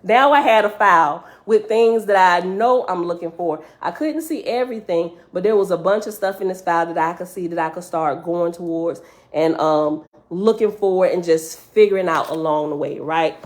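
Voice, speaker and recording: A woman's voice: on the low side, normal speed. A woman telling a dream story to her listeners in an earnest, emotional way, speaking to them directly.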